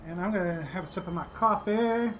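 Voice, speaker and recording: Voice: mid-range voice, brisk, a bit bright, slight background noise. Chatty gamer commenting on play. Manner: chatty, mutters and hums while playing. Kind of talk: casual gameplay commentary. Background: game music.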